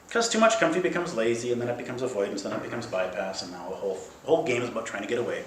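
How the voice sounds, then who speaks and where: A man giving a playful, emphatic dharma talk as a Zen teacher, swinging between loud bursts and soft, slow passages. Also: mid-range voice, animated, slight background noise. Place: meditation hall at a Zen center. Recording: roomy hall with faint ambience.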